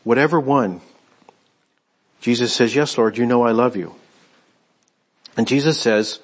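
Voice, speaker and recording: A man preaching a conversational sermon, retelling a scripture story and voicing its speakers in quick asides. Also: mid-range voice. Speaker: pastor.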